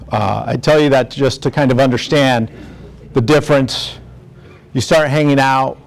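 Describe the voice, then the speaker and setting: A man's voice: mid-range voice, creaky. A middle-aged man from the district attorney's office giving a community talk to parents, earnest and conversational, often checking in with "right?".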